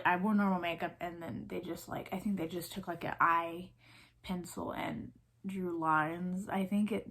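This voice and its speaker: A woman in her twenties from the US South with a Southern accent, chatting casually as a vlogger, rambling with many fillers and restarts. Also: fairly low pitch. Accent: Southern American. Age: 20s. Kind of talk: casual chat.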